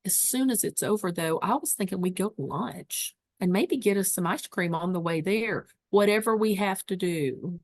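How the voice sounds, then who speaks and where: A woman's voice: lowish voice, normal speed, hardly any pauses, darkish tone, no room sound, studio quality. A woman giving a webinar lesson on dementia care, teaching emphatically and repeating key phrases. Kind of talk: webinar presentation.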